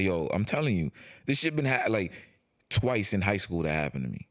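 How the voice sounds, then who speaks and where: A man co-hosting a podcast, talking in loose, slangy casual chat, animated and prone to stumbling over his first words. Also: low voice, fairly quick, no room sound, clean studio sound. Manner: animated, slangy, repeats words when starting a point. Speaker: podcast co-host.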